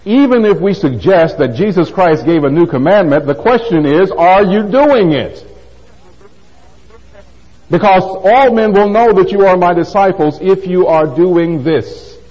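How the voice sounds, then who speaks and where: A man's voice: high voice, animated, a little slow, darkish tone. An older man giving a conversational sermon, posing rhetorical questions and adding wry asides. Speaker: pastor. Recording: dull lo-fi sound in a reverberant hall.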